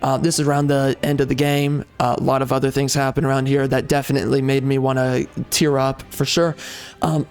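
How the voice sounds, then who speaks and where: A man's voice: mid-range voice, level tone, fairly quick, faint music behind. A man hosting a gaming channel, giving opinionated commentary in a rambling, emphatic way with many fillers and restarts.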